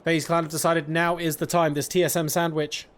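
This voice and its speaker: A man calling a live esports match with rapid, excitable play-by-play commentary that jumps into bursts of excitement on big plays. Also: a little high, a little hiss or hum. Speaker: esports caster. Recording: gunfire from the game behind the voice.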